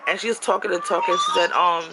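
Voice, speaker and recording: A woman ranting about her apartment in a casual vlog, frustrated and animated, her pitch jumping high when she's exasperated. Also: fast. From New York. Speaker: vlogger. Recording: background noise.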